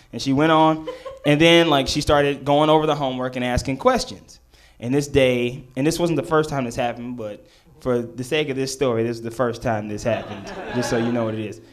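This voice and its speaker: A young man doing live stand-up, telling a story, acting out voices and rising to near shouts. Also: medium pitch. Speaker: stand-up comedian.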